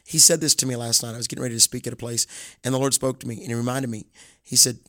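A middle-aged man with a Southern American drawl talks earnestly, circling back and restarting as he tells his story. His voice sits at an ordinary pitch, and the sound is dry and close to the mic. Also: little pitch movement, rapid-fire, sharp tone, no room sound. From Alabama, USA. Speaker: guest evangelist and author. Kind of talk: casual interview.

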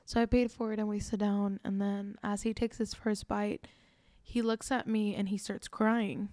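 A woman's voice: medium pitch, little pitch movement, normal speed, dark tone, dry recording. A woman in her twenties, a podcast host, telling a personal story in an earnest, reflective way with many casual fillers. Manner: earnest, reflective, frequent "like" and "you know".

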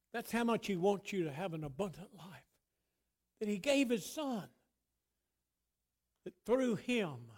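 Slow, high-voiced preacher man. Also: big pitch swings. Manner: swells loud then drops to near whisper, drawn-out phrasing. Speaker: pastor. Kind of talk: sermon.

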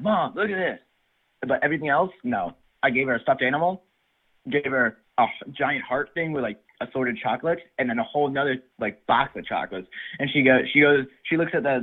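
A man's voice: mid-range voice, fast. A man calling in to an advice show, rambling hesitantly through a story about a girl. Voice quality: hesitant, rambling, full of "I'm like". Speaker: caller. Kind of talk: phone call-in story. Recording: tinny phone line.

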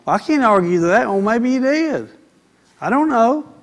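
A preacher with a notably high voice delivers his sermon. He swings from quiet asides to loud, fiery exhortation. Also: expressive, normal speed. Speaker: pastor.

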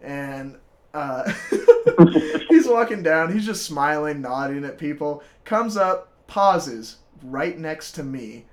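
A man's voice: a little high, lively intonation, slow. A young man in his twenties telling a story in casual chat, laughing often, swearing and acting out quotes.

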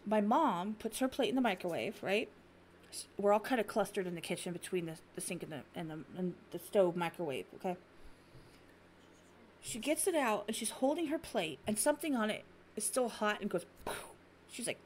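A middle-aged woman co-hosting a stream, telling blunt, animated stories in casual chat. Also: a little high, a little fast, a little hiss or hum. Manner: blunt, animated storyteller acting out her cat. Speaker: stream co-host.

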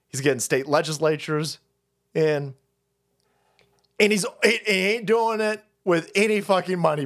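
A man hosting a political livestream, ranting in a heated, profane way. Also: on the high side. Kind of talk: ranting political commentary stream.

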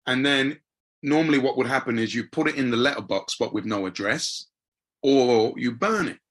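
A middle-aged man hosting a podcast, telling a personal story in an animated way. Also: medium pitch, normal speed. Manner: animated, acts out voices in anecdotes. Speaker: podcast host. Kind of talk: conversational storytelling.

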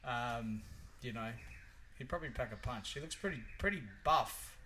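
An Australian man in his late forties co-hosting a podcast, chatting casually in a rambling, jokey, animated way. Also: mid-range voice, normal speed, slight background noise, rough recording. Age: late 40s. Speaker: podcast co-host. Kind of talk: casual chat.

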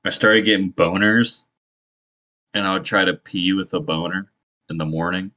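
A man co-hosting a casual podcast, telling stories in a blunt, deadpan way. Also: deep voice, moderate pace. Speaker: podcast co-host. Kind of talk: casual chat.

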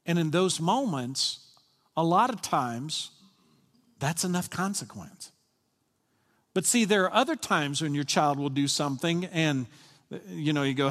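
A man's voice: a little high, lively intonation, measured pace, pauses often, fairly bright tone, in a large hall. A man, a senior pastor, giving a conversational sermon and often asking the congregation questions. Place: church sanctuary.

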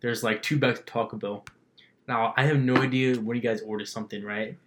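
A man's voice: mid-range voice, steady tone, brisk, a bit bright, slight background noise. A young man telling a profane story on a casual podcast, laughing as he goes. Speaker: podcast co-host.

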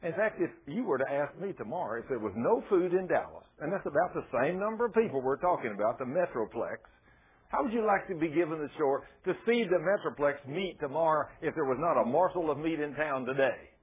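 A man preaching a sermon, telling Bible stories in a folksy, animated way. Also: on the high side, a little fast, husky. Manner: folksy, animated storytelling with laughs. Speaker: pastor. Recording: tinny phone-like sound.

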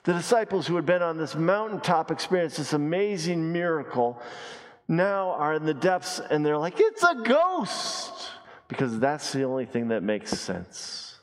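A man preaching a sermon as pastor, emphatic, repeating key phrases and dropping his voice low and slow to stress a point. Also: lively intonation. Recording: long reverb of a large hall.

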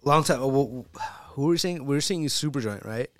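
Male podcast co-host, mid-pitch, easygoing storyteller who laughs often. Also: fairly quick. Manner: laughing, animated anecdote with acted quotes. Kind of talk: casual storytelling chat.

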